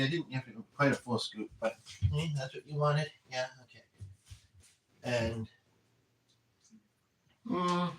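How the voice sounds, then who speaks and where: In a roomy space, a man with a medium-pitched, fairly bright voice rambles earnestly and interrupts himself. He's a spiritual medium passing along messages in a casual livestream, heard distantly with echo and faint noise.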